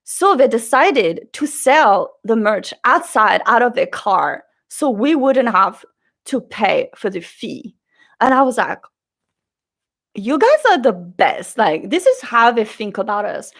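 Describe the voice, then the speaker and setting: A woman vlogger telling a story in a chatty, animated way, acting out the people she quotes. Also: fairly high pitch, unhurried, vocal fry.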